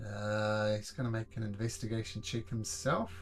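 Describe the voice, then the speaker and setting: A man narrating as game master of a tabletop game in a relaxed, casual way. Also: lowish voice, normal speed, soft background music.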